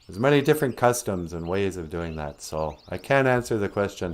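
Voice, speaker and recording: A man's voice: low voice, expressive, a little fast. Giggly, rambling puppet show host man. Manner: rambling, giggly, self-deprecating. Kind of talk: comedic puppet show monologue.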